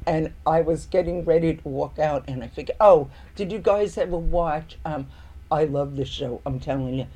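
A woman's voice: deep voice, normal speed. A woman guest in casual chat, telling workplace stories and acting out the people in them. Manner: animated storyteller, acts out customers and coworkers.

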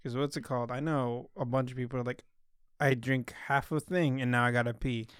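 A man's voice: mid-range voice, steady tone, fairly quick, clear, resonant tone, dry recording, clean studio sound. A man hosting a casual podcast, talking in a loose, rambling way with plenty of swearing. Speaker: podcast host.

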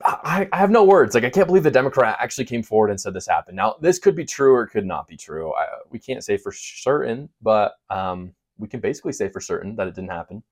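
Speaking fast and animatedly with few pauses, a man with a fairly low voice works through a heated political opinion monologue. Like a commentator making his case, he talks right to his audience, leaning on indignation and sarcasm.

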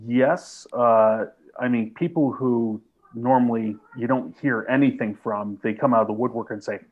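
Laid-back man guest, husky voice. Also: mid-range voice, moderate pace, phone-quality sound. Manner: laid-back, joking, short replies. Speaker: podcast guest, film blogger. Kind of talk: casual podcast chat.

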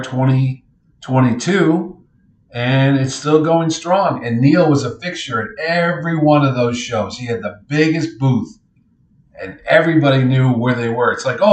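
A middle-aged man tells convention stories in an easy podcast manner, sliding into little impressions of the people he quotes. His voice sits at an ordinary male pitch, and the room around him rings with a noticeable echo. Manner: animated anecdotes, acts out others' lines. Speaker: convention organizer. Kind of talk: casual podcast storytelling. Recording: roomy echo.

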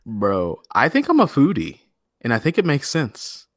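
A man's voice: medium pitch, huge pitch swings, unhurried, no room sound, clean studio sound. A man co-hosting a podcast in casual chat, joking and swearing as he riffs on news. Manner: jokey, profane, reads news quotes aloud. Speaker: podcast co-host.

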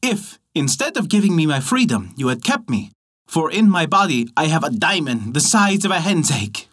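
Man voicing a tiny storybook bird, sly, mocking, high-pitched, husky edge. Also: very animated, moderate pace, a bit bright.

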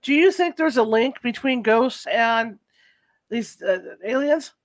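A man's voice: very high-pitched, unhurried, no room sound, studio quality. A man interviewing a guest in conversation, mostly giving brief listening responses and asking short questions.

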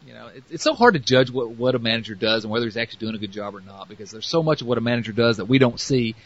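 A man's voice: medium pitch, rapid-fire, muffled recording. A man with a Southern US accent hosting a podcast, rambling casually with lots of fillers. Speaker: podcast host.

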